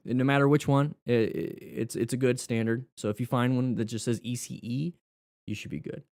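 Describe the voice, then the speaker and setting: A man's voice: mid-range voice, fairly even intonation, moderate pace, a little mellow, no echo. A man hosting a live motorcycle class, reading out viewer questions and answering them casually, thinking aloud and correcting himself as he goes. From United States.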